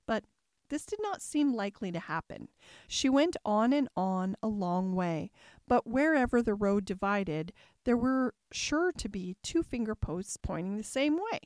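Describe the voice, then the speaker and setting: A woman narrating a classic storybook in a calm, even storytelling manner. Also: mid-range voice, no echo, studio quality. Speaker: audiobook narrator.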